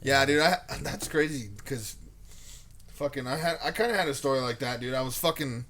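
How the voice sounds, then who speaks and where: A young man co-hosting a podcast, telling a profane story in casual chat and bursting into shouted impressions. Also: medium pitch, brisk. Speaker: podcast co-host.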